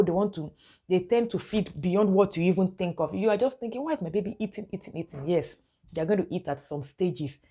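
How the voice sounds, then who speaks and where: Mom chatting baby tips to the camera, kinda low voice, warm and relaxed, laughs a lot. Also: female voice. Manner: chatty, keeps addressing viewers as guys, laughs often. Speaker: mother giving baby-care tips. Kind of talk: casual instructional vlog.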